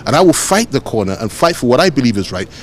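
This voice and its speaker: A man with a Nigerian accent, a politician answering reporters' questions outdoors in a measured, emphatic way, repeating phrases for stress. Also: medium pitch, very animated, a little hiss or hum. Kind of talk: press interview answers.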